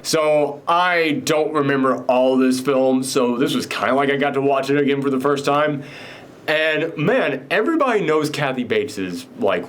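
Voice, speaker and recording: A man of middling pitch talks through a film casually. He rambles, piles up fillers and restarts, and rises animatedly when something excites him. It sounds like a host chatting in his own show.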